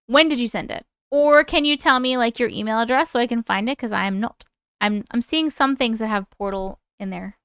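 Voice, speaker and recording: A woman's voice: fairly high pitch, fairly quick, fairly bright tone, smooth, no echo, studio quality. A woman hosting a live stream, chatting playfully and reading viewers' strange stories aloud with little asides.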